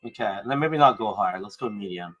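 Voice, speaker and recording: A man hosting a casual livestream, excitable and prone to swearing, swinging between hyped outbursts and low mumbling. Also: brisk, highs cut off, faint music behind. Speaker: livestream host.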